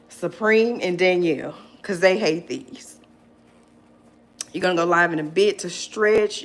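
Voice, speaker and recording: Slow-talking woman chatting on a live stream. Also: mid-range voice, fairly bright tone. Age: 40s. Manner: chatty, laughs often, answers commenters by name. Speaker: lifestyle vlogger hosting a live chat. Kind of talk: casual live-stream chat with viewers.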